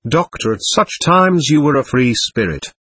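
Guy reading a patient doctor type, husky, pitch moves around a lot. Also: moderate pace, no room sound, studio quality. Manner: calm, patient, explaining. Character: calm patient male doctor questioning a spirit.

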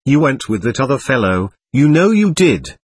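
A man's voice: medium pitch, very animated, normal speed, husky, no echo. A man reading a spiteful jealous ghost. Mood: bitter. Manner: spiteful, stubborn, accusing. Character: bitter jealous male ghost, a young man.

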